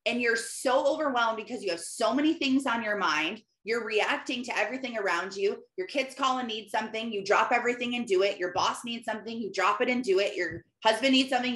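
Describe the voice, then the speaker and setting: A woman's voice: a little high, fairly bright tone. A woman Christian life coach giving an emphatic, conversational motivational talk, often repeating phrases. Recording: roomy echo.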